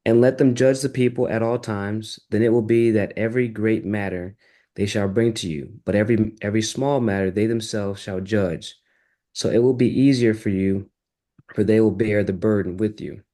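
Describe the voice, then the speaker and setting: A man in a study group reading a scripture passage aloud, steady and deliberate. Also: fairly low pitch.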